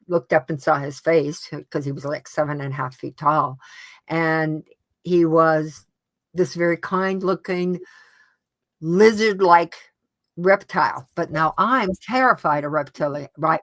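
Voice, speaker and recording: A woman as an interview guest, recounting a personal experience in an earnest, halting way with frequent restarts. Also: low voice, a bit bright, no room sound. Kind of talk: casual personal storytelling.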